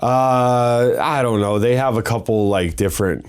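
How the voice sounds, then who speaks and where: A young man from Colorado telling wild stories in a casual interview, slangy and animated, acting out the voices he quotes. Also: medium pitch, measured pace, smooth. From Colorado, USA. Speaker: podcast guest, former fighter.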